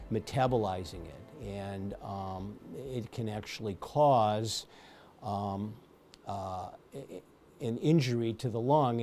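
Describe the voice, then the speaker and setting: A man speaking as a pulmonologist in an interview, giving measured explanations with frequent ums and uhs. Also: lowish voice, mellow. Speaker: pulmonologist guest. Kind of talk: medical interview answers.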